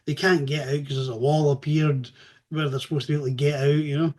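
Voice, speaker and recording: A man giving a casual spoken review, animated and chatty, swearing freely as he retells the story. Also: fairly high pitch, fast talker.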